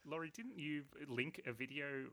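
A man's voice: a little high, animated, normal speed, sharp tone. A man co-hosting a casual book chat who makes wry, teasing remarks. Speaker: podcast co-host.

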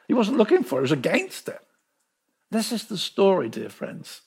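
A man preaching a sermon, telling the story with lively emphasis and repeating words to drive points home. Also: sits high, normal speed, creaky, slightly rough. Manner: animated storytelling, acting out quoted voices.

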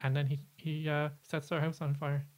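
A man's voice: a little high, level tone, moderate pace, darkish tone. A man hosting a casual podcast, chatty and often stumbling over his words and restarting. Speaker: podcast host.

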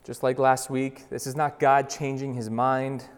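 A man's voice: mid-range voice, flat delivery, clear, resonant tone. Man preaching in a reverberant church. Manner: swings from loud urgent bursts to slow hushed emphasis; conversational, with fillers and restarts. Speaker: pastor. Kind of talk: sermon. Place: church sanctuary. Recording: long reverb of a large hall.

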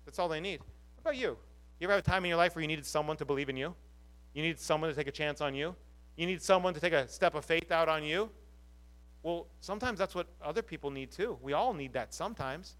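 A man's voice: on the high side, fast talker, fairly bright tone. A man preaching to his congregation as pastor, earnest and full of rhetorical questions. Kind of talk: sermon.

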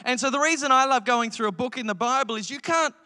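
A man in his thirties preaching a sermon as pastor, telling joking family stories with lively impressions. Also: very high-pitched, fast, big-room sound. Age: 30s. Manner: energetic, joking storytelling with animated impressions.

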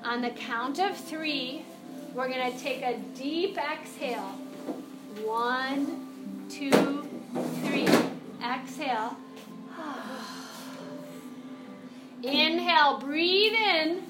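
A woman's voice: high-pitched, slow. A woman yoga teacher guiding a children's class, playful and encouraging, with sing-song animal cues. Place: classroom or studio with music playing. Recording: echoey room, music behind.

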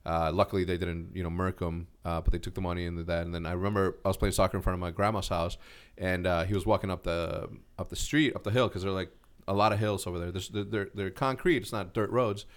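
A man's voice: deep voice, fast. A man in his forties from Mexico, telling a long personal story in a casual podcast chat, with lots of restarts. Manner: storytelling, animated, many restarts. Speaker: podcast co-host.

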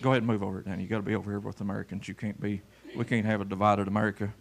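This is a man from Kentucky preaching a down-home sermon in a church, pulling members forward for a demonstration as he shifts from hollering to murmuring low. His delivery is flat, creaky, and very fast.

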